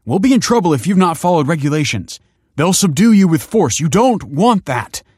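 A man's voice: on the low side, expressive, moderate pace, dark tone, dry recording, studio quality. A man reading a story aloud and voicing a stern woman school principal who speaks in a formal, officious way. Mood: urgent, shouting.

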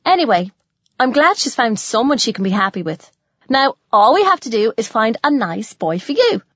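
A woman's voice: on the high side, sing-song, moderate pace, fairly bright tone, dry recording, highs cut off. A woman playing a chatty, gossipy teenage girl in an audiobook, talking in gushing, filler-heavy chatter.

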